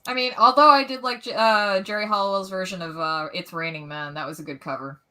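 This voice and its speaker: A woman's voice: medium pitch, fairly quick, bright, forceful tone. A woman co-hosting a podcast, chatting casually in a joking, sarcastic way. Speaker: podcast co-host. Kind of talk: casual chat.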